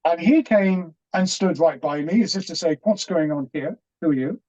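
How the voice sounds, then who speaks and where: A middle-aged man, earnest and halting, telling a personal story as an interview guest with many restarts. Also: a little high, mellow. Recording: dull, muffled audio.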